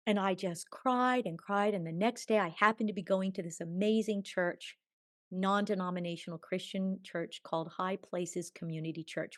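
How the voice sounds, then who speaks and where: A woman guest telling a personal spiritual story in long, tumbling sentences, swinging from hushed murmurs to bright exclamations. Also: mid-range voice, no echo, studio quality. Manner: chatty, tumbling run-on sentences. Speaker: podcast guest.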